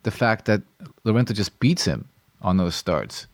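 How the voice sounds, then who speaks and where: An American man co-hosting a podcast, chatting about motorbike racing in a relaxed way. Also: fairly low pitch, moderate pace, no echo, studio quality. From United States. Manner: relaxed, laughs along easily. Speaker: podcast co-host. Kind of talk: casual motorsport chat.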